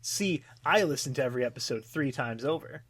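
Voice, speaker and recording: A man's voice: mid-range voice, lively intonation, brisk, no room sound. A young man hosting a podcast in casual chat, rambling and swearing freely. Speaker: podcast host.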